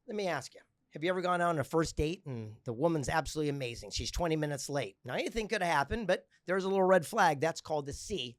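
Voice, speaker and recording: A man telling motivational parables as a podcast guest, energetic and emphatic. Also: normal speed, no echo. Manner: energetic, emphatic, builds to a rousing pitch. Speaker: guest, author and speaker. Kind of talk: motivational storytelling.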